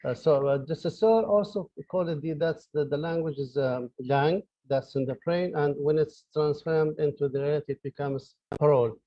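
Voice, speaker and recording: A man's voice: on the high side, normal speed, few pauses, dry recording, dull audio. Male professor, hesitant lecture. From Libya. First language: Arabic. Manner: hesitant, many fillers and restarts. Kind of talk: online lecture. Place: his office.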